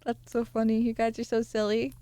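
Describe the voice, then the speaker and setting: A woman streamer chatting casually with her viewers, excitable and giggly, often jumping up into squealy highs. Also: a little fast. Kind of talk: casual live-stream chat.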